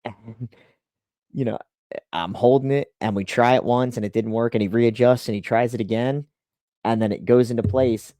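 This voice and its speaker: A man who works as a race team spotter, casually telling a story with animated delivery and lots of "like" and "you know". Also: mid-range voice, moderate pace, no room sound, studio quality.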